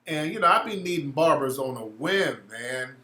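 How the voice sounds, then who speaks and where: A man, hosting a casual livestream and telling blunt, profane, animated stories. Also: fairly high pitch, normal speed, roomy sound. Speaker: show host.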